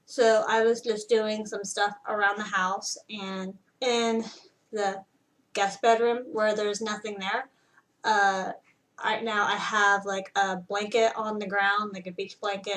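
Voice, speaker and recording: A woman's voice: medium pitch, fairly bright tone, distant mic. A young woman telling a personal story in a rambling, casual way, with lots of fillers and restarts. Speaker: vlogger. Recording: voice a bit off-mic.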